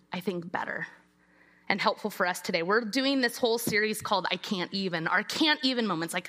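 An American woman is giving a sermon in a church. Her voice is bright and ringing. She keeps the talk conversational and lively, and she slips into dramatic voices for quoted lines. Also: mid-range voice. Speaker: preacher.

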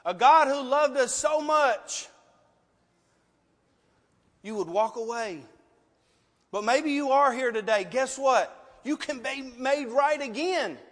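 A male preacher delivering an emotional, sometimes loud sermon full of pleading rhetorical questions and an altar call. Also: very high voice, animated, takes it slowly, long pauses. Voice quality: passionate, emotional, loud at times. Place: church sanctuary. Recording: long reverb of a large hall.

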